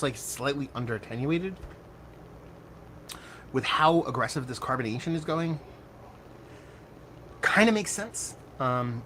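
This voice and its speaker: A man giving a casual, animated beer tasting review, excitable and self-mocking, with loose cursing. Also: mid-range voice, slight background noise.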